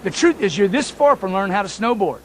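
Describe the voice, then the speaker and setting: A man's voice: high voice, big pitch swings, fast, slight background noise. A man giving a motivational talk, emphatic and repetitive, speaking straight to his listeners as folks.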